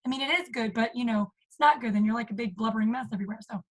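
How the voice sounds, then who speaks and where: A woman's voice: fairly high pitch, rapid-fire. Chatty woman on a group call. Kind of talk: casual group discussion.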